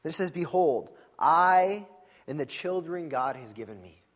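A man preaching a sermon in a church, in a conversational and animated storytelling manner with frequent asides. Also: on the high side, a little slow. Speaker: pastor.

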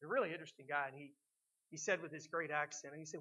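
Bright, animated middle-aged male pastor. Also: on the high side, racing, low-quality recording. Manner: animated preaching, swings from loud emphatic to quiet. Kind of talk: sermon.

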